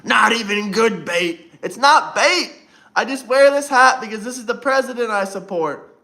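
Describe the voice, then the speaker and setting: A man with an extremely high, sharp voice hosts a casual livestream, speaking animatedly at a moderate pace. He talks to his chat with mocking banter, teasing and taunting viewers.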